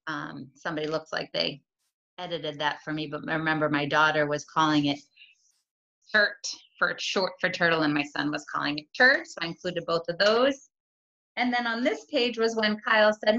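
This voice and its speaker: Woman, 30s, primary teacher, bright and upbeat delivery, coaxing check-ins, muffled home-recorded audio. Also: fairly low pitch, brisk. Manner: encouraging, uses rising check-ins like "right?". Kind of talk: modeling a writing lesson for young children. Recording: slightly dull lo-fi recording.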